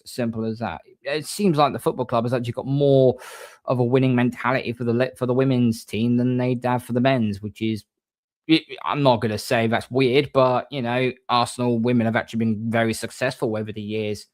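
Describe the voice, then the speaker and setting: A man hosting a casual livestream, reading viewer comments and giving shout-outs in a rambling, chatty way. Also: mid-range voice, fairly even intonation, brisk, no room sound. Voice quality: rambling, frequent restarts, mate-and-bro shout-outs. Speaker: livestream host.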